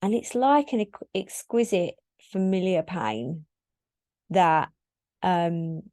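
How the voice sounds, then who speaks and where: A woman in her thirties with a fairly low voice talks openly and reflectively as a podcast host, wandering through her thoughts and filling her sentences with "like". Her voice sounds close and dry, with no room echo. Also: expressive, slow, a little mellow. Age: 30s. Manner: candid, reflective, rambling with frequent "like" fillers. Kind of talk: solo podcast monologue.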